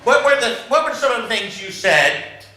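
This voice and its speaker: A man with a high, very bright, forceful voice leads a negotiation workshop for a live class. He teaches in a humorous, self-mocking storytelling manner. The sound rings around an echoey training room. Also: sing-song, normal speed.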